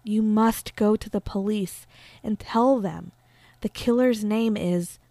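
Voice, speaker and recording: An insistent whispering spirit of a murdered woman, as a woman telling the story puts her on, pressing her demands in a hushed voice. The sound is close and dry. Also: medium pitch, slow pace, dry recording. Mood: urgent.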